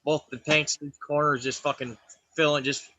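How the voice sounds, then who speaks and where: A man chatting casually as a guest, telling an animated story and swearing. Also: a little high, normal speed, dry recording. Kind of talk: casual group chat. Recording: dull lo-fi sound.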